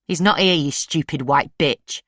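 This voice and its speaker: A woman's voice: low-pitched, moderate pace, fairly bright tone, no echo, studio quality. A woman voicing a furious, spiteful middle-aged mother who hisses and snaps insults. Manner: hissing, snapping insults.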